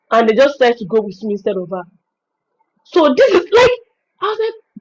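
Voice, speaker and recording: A high-pitched Nigerian woman leads an informal webinar, telling stories in an expressive, animated way. Her voice comes through a dull, lo-fi stream recording. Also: fairly quick. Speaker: virtual assistant trainer hosting a webinar. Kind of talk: informal teaching talk.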